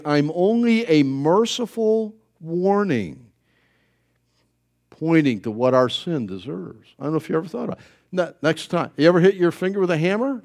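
A middle-aged man preaching a sermon in a joking, animated way, acting out little voices as he goes. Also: fairly high pitch. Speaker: pastor.

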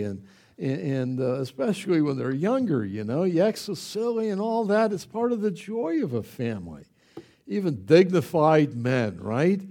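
Brief: middle-aged male preacher, slightly high voice, swoops up and down, exuberant, chatty asides. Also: dark tone. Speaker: pastor. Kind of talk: conversational sermon.

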